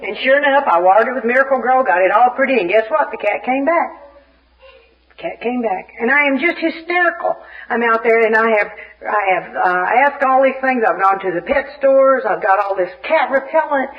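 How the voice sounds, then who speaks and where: A woman from Little Rock, Arkansas, spins a funny personal story for a recovery meeting. She acts out each scene with lively, comic timing. The sound is a dull, muffled archive tape. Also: on the high side, brisk. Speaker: speaker at a recovery fellowship meeting. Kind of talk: humorous personal storytelling share.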